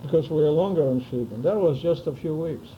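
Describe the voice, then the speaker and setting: A man's voice: fairly high pitch, brisk, phone-quality sound, a little hiss or hum. An older man in an oral history interview, telling his memories vividly and acting out the dialogue. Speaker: interviewee recounting wartime memories.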